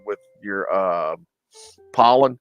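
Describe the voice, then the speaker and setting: A man's voice: deep voice, animated, takes it slowly, clear, resonant tone, dry recording, highs cut off, faint music behind. A man with a Southern US accent chatting as a guest, rambling and hesitant with lots of filler sounds. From Mobile, Alabama. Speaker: guest friend. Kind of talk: casual chat.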